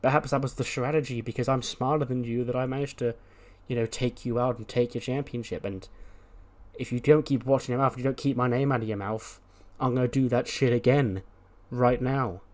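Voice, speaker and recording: A smug female wrestler who schemes, as a man puts her on. She boasts and threatens in a mid-pitched voice. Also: steady tone, brisk, natural voice.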